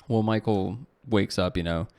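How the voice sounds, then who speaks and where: A deep-voiced man on a podcast recounts a long story in easy, rambling talk. He leans on "like" and "you know" and corrects himself with a shrug. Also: steady tone, normal speed, darkish tone, clean tone. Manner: self-correcting, self-deprecating asides. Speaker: podcast co-host. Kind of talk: casual storytelling.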